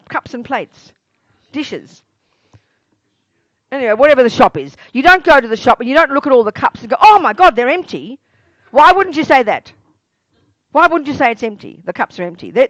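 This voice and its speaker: A woman's voice: medium pitch, dry recording. A woman meditation teacher giving a spiritual teaching talk, asking her listeners questions and acting out everyday exclamations to make her points. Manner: animated, asks listeners many rhetorical questions. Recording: dull lo-fi dry recording.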